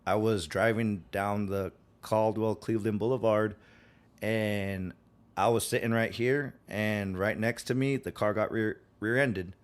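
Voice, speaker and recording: A man's voice: fairly low pitch, fairly even intonation, measured pace. A man speaking as a podcast guest in casual conversation, with a Western twang and lots of filler words. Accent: American, Western twang. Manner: rambling, many fillers, acts out quotes.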